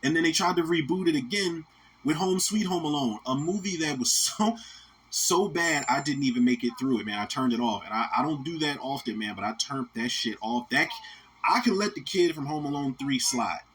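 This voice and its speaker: A man's voice: a little high, a little fast, fairly bright tone, slight background noise. A man in his thirties, hosting a podcast and giving a casual, rambling, profane movie rant that keeps coming back to "man". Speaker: podcast host.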